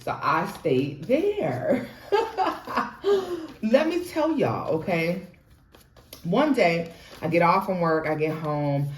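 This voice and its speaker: A young woman telling her own ghost story in an animated, chatty way, talking straight to viewers and laughing often. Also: lowish voice, takes it slowly, pauses often, slight background noise. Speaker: tarot reader and storyteller. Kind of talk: casual storytime vlog. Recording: roomy echo.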